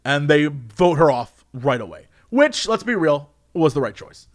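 A man chatting casually with a high, very lively voice that swoops up and down. He tells his story with real animation and slips into acting out the lines of the people in it. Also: unhurried. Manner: animated storyteller who acts out quotes. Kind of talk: casual chat.

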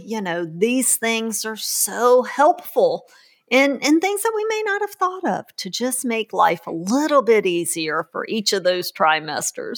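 A chatty woman host tells stories over casual podcast talk. Her fairly high voice carries a gravelly, creaky edge, and she slips into playful quotes. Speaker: podcast host and parenting author.

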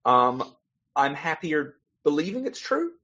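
A man chats as a podcast guest, his voice husky and a little breathy. He rambles through stories, stumbling over restarts and laughing as he goes. The audio is dull and lo-fi. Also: fairly high pitch, sing-song, measured pace, sharp tone. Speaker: podcast guest, comic author. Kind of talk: casual chat.

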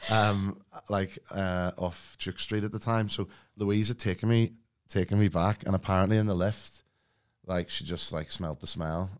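Low-voiced man telling a story. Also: normal speed, smooth. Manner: animated, acts out quotes, laughs through the story. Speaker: podcast guest. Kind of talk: casual storytelling chat.

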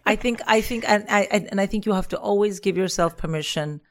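A middle-aged woman with a soft, soothing voice, chatting reflectively as a podcast guest. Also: mid-range voice, a little fast. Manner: reflective, rambling with restarts. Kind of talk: casual chat.

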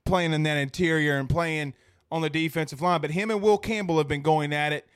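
A male sports host asks questions in a chatty, upbeat way. His voice is fairly high for a man, smooth and resonant, and the sound is dry and close. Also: fairly even intonation, brisk, dry recording. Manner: chatty, enthusiastic. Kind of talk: casual interview.

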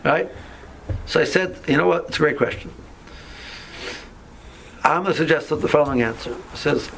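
A man's voice: a little high, normal speed, gravelly, pauses often, a bit bright, a little hiss or hum, poor audio. A man teaching an informal Torah class, talking conversationally with many restarts and asides.

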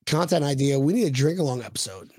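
A man co-hosting a casual sports podcast livestream, excitable, stammering through restarts and reading out viewer comments. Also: mid-range voice, fast talker, husky, dry recording. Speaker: podcast co-host.

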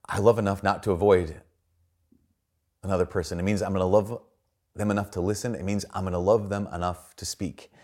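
A middle-aged male priest giving a homily, telling a story and acting out the quoted voices. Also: darkish tone. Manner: storytelling, acts out quoted voices with big pitch jumps.

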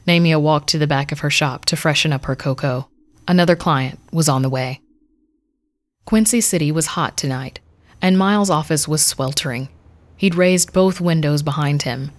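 A woman reading a dark fantasy story aloud in a measured, even voice. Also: deep voice. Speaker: narrator. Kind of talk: scripted story narration.

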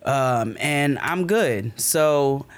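A man telling a story in casual chat, animated and emphatic, swearing freely. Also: mid-range voice, drawn-out words. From United States.

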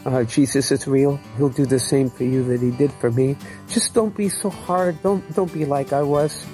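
A man's voice: medium pitch, steady tone, normal speed, dark tone, soft background music, poor audio. An older man earnestly telling his personal faith testimony in an emotional storytelling way. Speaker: testimony speaker.

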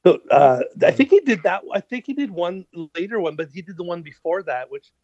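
A middle-aged musician telling stories in a casual interview, rambling with lots of fillers and casual swearing. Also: male voice, sits high, sing-song, fairly quick, darkish tone. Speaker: musician guest. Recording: dull lo-fi sound.

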